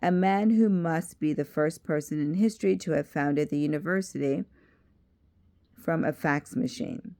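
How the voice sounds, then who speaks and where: A woman's voice: low voice, normal speed, dark tone. A woman doing a confident man with a southern drawl. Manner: confident and storytelling.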